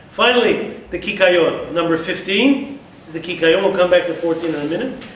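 High-voiced man teaching Bible text, echoey room. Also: fairly bright tone, slight background noise. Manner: explains Hebrew verses in English, rising emphatically when voicing the prophet. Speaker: Torah teacher. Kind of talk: text-based Bible class. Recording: distant mic in an echoey room.

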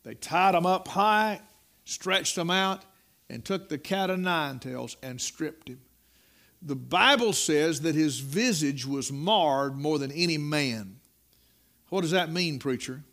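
Middle-aged man, sermon, folksy storyteller, high voice. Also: slow pace. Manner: folksy, dramatic storytelling, rising to loud peaks. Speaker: preacher.

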